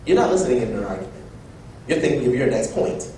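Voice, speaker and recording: A young man giving a personal storytelling speech at an event, animated and acting out quoted voices. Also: fast talker. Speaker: event speaker. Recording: echoey room from far off with low rumble.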